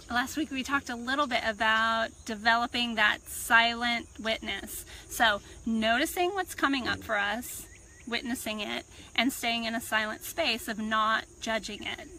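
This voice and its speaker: Woman coach, bright tone, unhurried and thoughtful, recorded outside with soft insect and bird sounds. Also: a little high, slight background noise, rough recording. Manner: calm, reflective, unhurried teaching. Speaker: personal growth coach. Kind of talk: self-help talk to camera. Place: outdoors on a farm. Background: birds and crickets.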